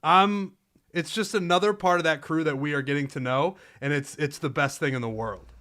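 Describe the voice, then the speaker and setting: A man's voice: a little high, a little fast, fairly bright tone. A man co-hosting a podcast in casual chat, laughing and joking at his own expense. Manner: laughing, self-mocking. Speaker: podcast co-host.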